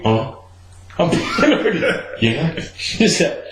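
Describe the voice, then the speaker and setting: A man hosting a podcast, telling a story in a casual, animated way and acting out the quotes. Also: a little slow, echoey room, a little hiss or hum, poor audio. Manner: animated, acts out quotes with big pitch jumps and laughter.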